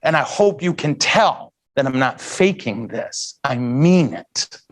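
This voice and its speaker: A priest giving a heartfelt talk to an audience, earnest and emotional, with self-mocking humor. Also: male voice, medium pitch, animated, slow pace. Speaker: priest and guest speaker. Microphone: handheld mic.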